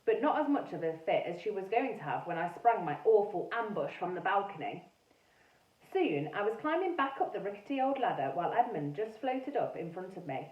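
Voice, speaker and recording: A woman teacher reading a storybook aloud in a lively, animated way. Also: medium pitch, a little fast. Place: classroom or school room. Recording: echoey room, mic far off, dull sound.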